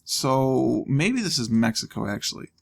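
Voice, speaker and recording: A man with a gravelly, creaky voice talks through a video game in a loose, casual way. He thinks out loud and throws in dry little jokes as he goes. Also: mid-range voice, sing-song, unhurried. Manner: thinking aloud, wry asides. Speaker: let's play host. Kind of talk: casual gameplay commentary.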